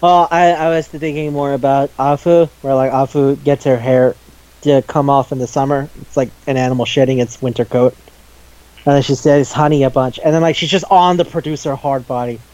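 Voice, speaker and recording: A man's voice: medium pitch, steady tone, fairly quick, a little mellow, dry recording, muffled recording. A man co-hosting a casual anime review podcast, talking enthusiastically and rambling, often laughing and acting out scenes. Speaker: podcast co-host.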